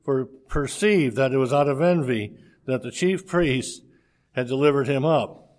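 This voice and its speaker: A man reading a scripture passage aloud in a steady, measured way, with a few slips. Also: medium pitch.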